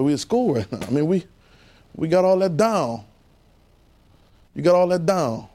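With a fairly high-pitched voice, a man preaches a conversational sermon, animated and repetitive, peppering his congregation with rhetorical questions.

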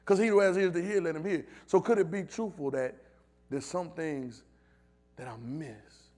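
A man delivers a sermon, trading lines with his congregation. His voice sits high for a man, and he swings from low, close asides to loud shouted calls. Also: moderate pace. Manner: call-and-response preaching, builds to shouts. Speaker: preacher.

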